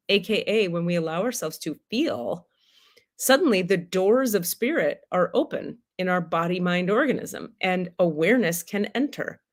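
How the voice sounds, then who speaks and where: A woman's voice: mid-range voice, a bit bright. A woman hosting a spiritual livestream, talking candidly and casually, swearing freely and laughing often.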